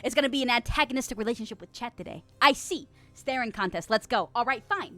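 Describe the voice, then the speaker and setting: A woman's voice: fairly high pitch, lively intonation, quick pace, hardly any pauses, sharp tone, faint music behind. A young woman streaming and chatting with her viewers, rambling, laughing often and acting playfully indignant. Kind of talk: casual chat reading stream chat.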